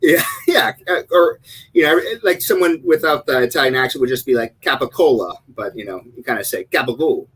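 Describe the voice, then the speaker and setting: A man in his thirties, a shop-owner guest in a casual chat, easygoing and quick to laugh, with some stammering. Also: medium pitch, very animated, a bit bright, husky, low-quality recording.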